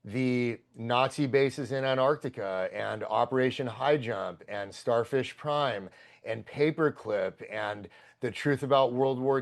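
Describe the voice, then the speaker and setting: Guy on a podcast, gravelly voice, swears a lot, gets worked up and rambles. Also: mid-range voice. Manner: profane, excitable, rambling. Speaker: podcast guest. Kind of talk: casual storytelling.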